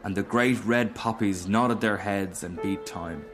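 A man reading a fairy tale aloud as narrator, in a measured, expressive storytelling manner. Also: lowish voice, over music.

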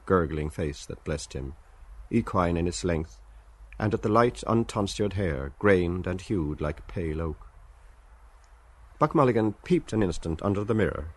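A man narrating a literary radio drama in a measured, deliberate reading. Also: sits low, breathy edge.

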